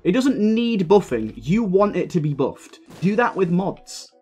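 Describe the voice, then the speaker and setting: A man's voice: high-pitched, big pitch swings, measured pace, mellow, breathy edge. Young guy ranting over his game run, swears a lot, voice jumps all over, faint music under it. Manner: heated, swearing rant. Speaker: gaming video creator. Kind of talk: live gameplay commentary.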